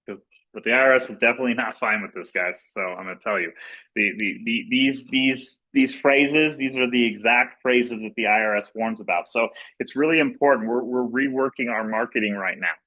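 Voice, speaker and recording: A man's voice: medium pitch, normal speed, sharp tone, poor audio. A man leading a recorded business training, walking through slides in a casual, repetitive way with lots of fillers and restarts. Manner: informal and repetitive, many fillers and restarts, plain explanatory tone. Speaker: company executive leading a sales training.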